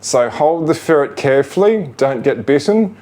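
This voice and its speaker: A man, gently showing how he trains his ferrets, talking patiently and rambling with fillers. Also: on the high side, animated, normal speed. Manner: gentle, patient, coaxing to the animals; rambling with fillers like "you know" and "sort of". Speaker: ferret owner demonstrating training. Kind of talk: casual how-to demonstration.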